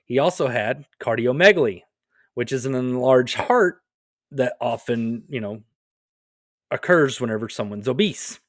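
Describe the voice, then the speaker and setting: A man's voice: mid-range voice, lively intonation, measured pace, no echo, clean studio sound. A man co-hosting a comedy podcast, telling stories casually with wry joking asides. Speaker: podcast co-host.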